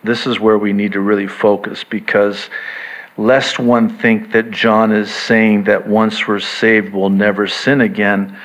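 A man preaching a sermon to his church, swinging from hushed reflection to excited emphasis, with joking asides. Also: fairly low pitch, a little slow. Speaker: pastor. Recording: dull lo-fi sound.

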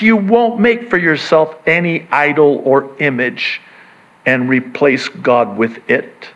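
A man preaching a sermon in an animated way, acting out the voices he quotes. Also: fairly high pitch, slow pace, dull audio. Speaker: pastor.

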